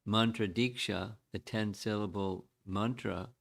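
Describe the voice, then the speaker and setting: An older man giving a devotional lecture as spiritual teacher, speaking in a measured, reflective way and chanting verses slowly. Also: fairly low pitch, fairly even intonation, creaky.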